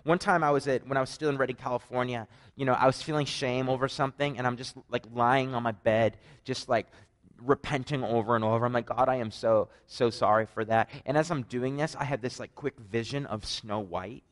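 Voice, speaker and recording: A man with a Canadian accent preaches a conversational sermon, animatedly telling stories full of joking asides. His voice is mid-range and brisk.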